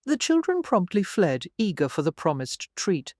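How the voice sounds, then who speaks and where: A narrator reads a romance novel in an even, measured way. The recording is dry and close, with no room sound. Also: mid-range voice, dry recording. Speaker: audiobook narrator. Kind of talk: scripted narration.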